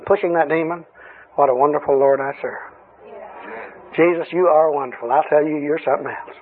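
A man preaching a sermon, telling folksy stories with frequent chuckles, in a husky voice. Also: fairly high pitch. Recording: tinny lo-fi radio broadcast.

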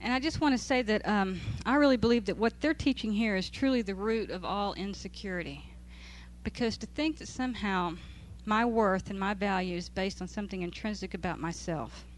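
Speaking fairly quickly in a mid-range voice over slight background noise, a woman teaches scripture to a group in a relaxed, conversational style. Amusement keeps surfacing, and she laughs while reading passages.

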